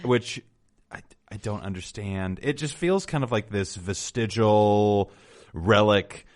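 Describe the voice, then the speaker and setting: A man co-hosting a casual movie podcast, wry and jokey, tossing in quick comments. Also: fairly low pitch. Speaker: podcast co-host.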